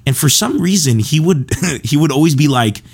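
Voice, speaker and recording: A comedian from Lebanon telling rambling, animated stories about his school days. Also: on the high side, breathy edge. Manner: rambling and animated, with quick asides. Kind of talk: casual storytelling.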